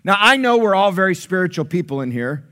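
A man's voice: high voice, big pitch swings, fast talker, bright, forceful tone. A man preaching a sermon in a playful, conversational way, joking with and questioning his congregation. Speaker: pastor.

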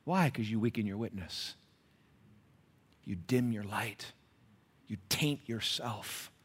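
A male pastor preaching a sermon, telling stories with lively swings from shouts to hushed whispers. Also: lowish voice, slow pace, husky.

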